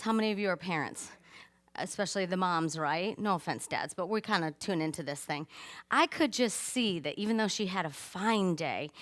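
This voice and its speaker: Woman storyteller, lively swooping voice, bright tone, animated, addresses the audience. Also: mid-range voice. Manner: animated, acts out voices and screams in her story. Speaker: speaker giving a stage talk. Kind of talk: personal storytelling talk to an audience.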